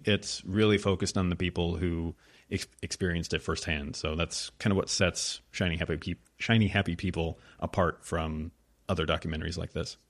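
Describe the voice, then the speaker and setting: A man with a low voice talks through a casual podcast discussion. He hedges with many ums and likes, and drops wry asides. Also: a bit bright. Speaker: podcast co-host.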